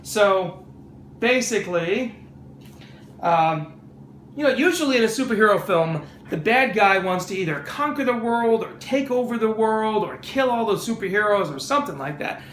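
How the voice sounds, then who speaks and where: A man's voice: high voice, animated, normal speed, fairly bright tone, roomy sound, a little hiss or hum. A man hosting a casual movie review vlog, sarcastic and mocking.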